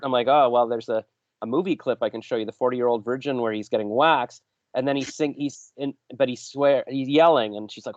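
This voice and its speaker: A man's voice: medium pitch, fast, no echo. Man, podcast host, rambling storyteller, lo-fi dry audio. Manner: rambling, self-interrupting storyteller. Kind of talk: rambling interview chat. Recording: dull dry lo-fi sound.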